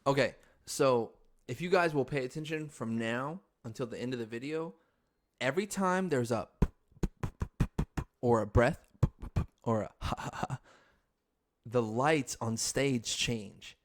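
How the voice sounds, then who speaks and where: Excitable young man telling a story. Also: medium pitch, a little slow, pauses often, noisy background. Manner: excitable, profane, frantic. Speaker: podcast host. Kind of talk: casual storytelling chat.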